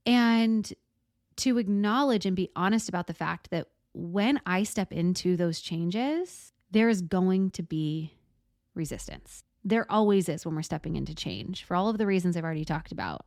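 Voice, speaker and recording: A woman hosting a solo podcast, talking in a gentle, thoughtful, reflective way and slowing down to stress words. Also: fairly low pitch, no echo, studio quality. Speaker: podcast host.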